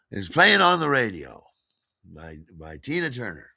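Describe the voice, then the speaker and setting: A man spinning a rambling personal yarn, wry and full of asides. His voice is bright and forceful, and it swoops up and down with lively intonation. The recording is close and dry. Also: on the low side, slow pace, no room sound. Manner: wry, digressive, chatty. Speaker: storyteller. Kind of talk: spoken storytelling monologue.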